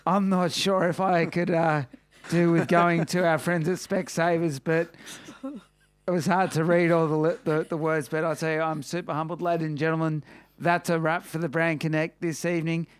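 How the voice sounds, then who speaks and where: A man's voice: on the high side, little pitch movement, moderate pace, clear, resonant tone, no room sound. An Australian man hosting a casual chat show, chatty and exuberant with plenty of slang. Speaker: podcast host.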